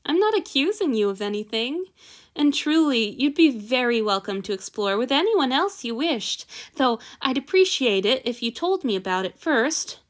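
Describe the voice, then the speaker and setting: A woman reading the lines of a gentle, affectionate male god lord in a soft, tender, teasing way. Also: sits high, sing-song, moderate pace.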